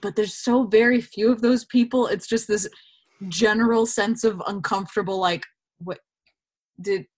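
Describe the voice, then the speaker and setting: A woman's voice: a little high, fairly even intonation, moderate pace, a little mellow. A woman, an actor, speaking as a guest in a casual interview over a video call, musing thoughtfully and laughing often.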